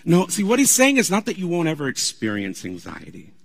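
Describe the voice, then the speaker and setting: A man preaching a sermon as pastor, animated and conversational, laughing often as he talks. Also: on the high side, fairly quick, gravelly, big-room sound.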